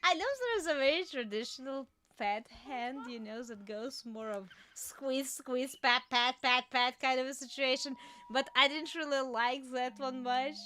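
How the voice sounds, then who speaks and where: A young woman streaming a game, chatting casually, laughing often and yelping and shouting at what happens on screen. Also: high voice, moderate pace, clear, resonant tone. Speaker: VTuber streamer. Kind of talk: casual gameplay commentary.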